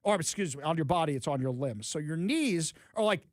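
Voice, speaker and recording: A middle-aged man hosts a casual talk show, acting out the people in his stories. His voice sits high and swings widely in pitch. The studio sound is dry and close. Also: fairly quick, no room sound. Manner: animated storyteller, acts out quotes. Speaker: radio talk show host. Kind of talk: casual chat.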